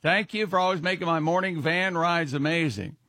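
A man's voice: on the high side, a little fast, pushed and bright, dry recording, studio quality. A man co-hosting a radio show, reading listener letters and a live ad read in a jokey manner. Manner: reads letters and ad copy aloud, jokey.

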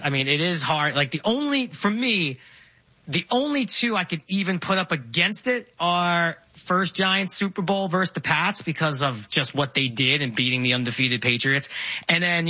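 A man's voice: fairly high pitch, dry recording, highs cut off. A man, telling stories eagerly as a guest on a talk show. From Brooklyn, New York. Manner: animated storyteller, excitable. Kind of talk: casual chat.

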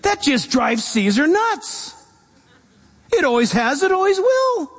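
A pastor preaching a sermon, animated, swinging between loud and soft. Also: male voice, extremely high pitch, takes it slowly, in a large hall.

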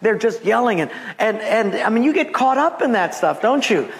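Man from Hawaii, pastor, lively storytelling sermon, fairly high voice, long hall reverb. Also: moderate pace. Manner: animated, acts out quotes with raised voice.

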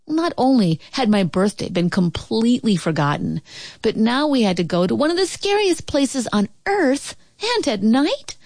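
A woman reading a children's story aloud in an expressive, animated way. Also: a little high, normal speed, no echo, clean studio sound.

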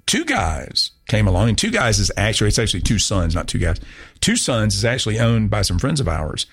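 A low-pitched man hosting a casual talk radio show, chatting and rambling along with an easy, self-mocking humor. His sentences often restart as he goes. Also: sing-song, fairly quick, slightly rough.

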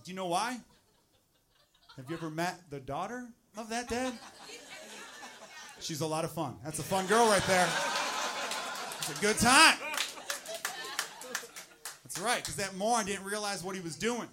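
A man's voice: sits high, animated, normal speed, pauses often. A man doing a stand-up set in a comedy club, bantering chattily with the crowd. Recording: noisy live club recording, audience laughter.

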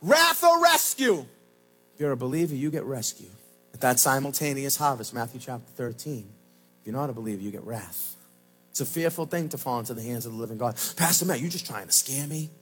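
A man pastor preaching a sermon at a church service, swinging from shouted lines to low, slow emphasis. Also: expressive, soft background music.

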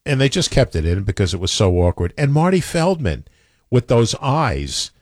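A man's voice: mid-range voice, sing-song, normal speed, no echo, studio quality. A man co-hosting a casual chat, opinionated and rambling, often stammering and restarting.

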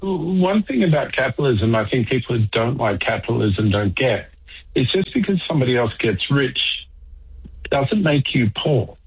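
Male radio caller, dry wit, opinionated, husky voice over a tinny phone line. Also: medium pitch, very animated, normal speed. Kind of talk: talkback phone call.

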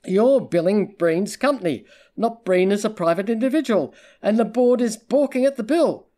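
A man voicing a sharp, sarcastic woman detective. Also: high-pitched, animated, normal speed, pitched above the performer's own voice. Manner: cutting, sarcastic. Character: sharp-tongued female private investigator.

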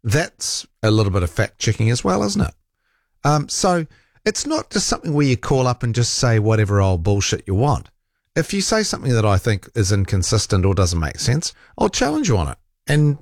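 Here the host's mid-range voice comes through clean studio sound without echo. Reading texts from listeners, he pushes back hard on his critics, defending himself and checking callers' facts in a combative way.

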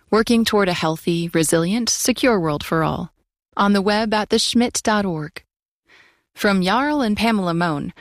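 A woman announcer reading funding credits in a smooth, scripted way. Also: medium pitch, dry recording, studio quality. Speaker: sponsor announcer.

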